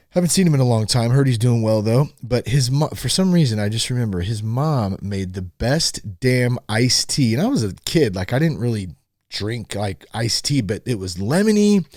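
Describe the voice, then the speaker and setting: A man's voice: mid-range voice, a little mellow, no echo. Guy hosting his podcast, goofing on an article, bouncy voice, dead dry sound. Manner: playful, mocks the wording, laughs often. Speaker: podcast host. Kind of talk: joking read-through of an article. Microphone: studio mic.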